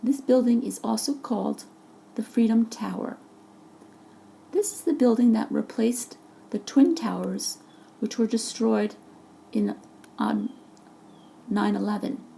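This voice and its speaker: A woman's voice: fairly high pitch, steady tone, measured pace, creaky, pauses often, dark tone, slight background noise. A woman teacher narrating a vocabulary lesson over a presentation, patiently explaining each word with examples. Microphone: voice-over for a slide presentation.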